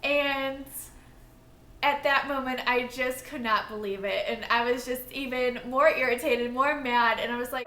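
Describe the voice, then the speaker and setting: Bright, high-voiced woman, candid. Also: fairly even intonation, unhurried, roomy sound. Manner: candid, plain-spoken storytelling. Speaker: wife sharing testimony. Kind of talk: casual Christian testimony.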